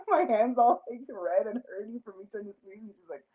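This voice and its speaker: A woman's voice: fairly high pitch, very animated, normal speed. A woman hosting a casual chat, talking in a rambling way with many fillers and frequent laughs. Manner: chatty, lots of fillers and laughter. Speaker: host. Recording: tinny phone-like line.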